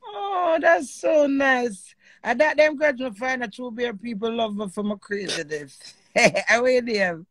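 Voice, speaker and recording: A woman with a Jamaican accent hosting a live stream with callers. She is animated and emotional, and swears freely in patois. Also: on the high side, normal speed, no room sound.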